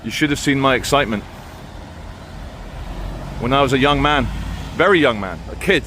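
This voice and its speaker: A vlogger from Brazil with a British upbringing walks through a town, talking in a medium-pitched, pushed and bright voice at a moderate pace. He's chatty, rambling and opinionated, correcting himself along the way, with outdoor street noise behind him.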